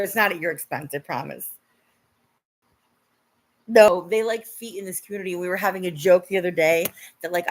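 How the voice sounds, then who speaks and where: Young woman on a livestream, kinda low voice, laughs a lot, cusses when she's mad. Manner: chatty, laughs often, swears when upset. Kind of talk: casual livestream chat.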